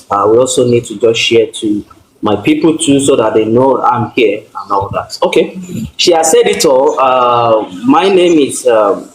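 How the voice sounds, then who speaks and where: A man with a Nigerian accent sharing his personal story as a guest speaker, earnest and full of restarts. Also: mid-range voice. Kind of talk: personal testimony talk. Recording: echoey room, faint noise.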